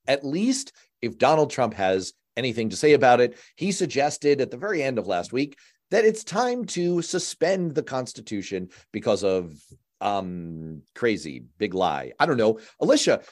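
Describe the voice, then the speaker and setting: A man hosting a political talk show, leading the discussion in a wry, animated way. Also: medium pitch. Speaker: host.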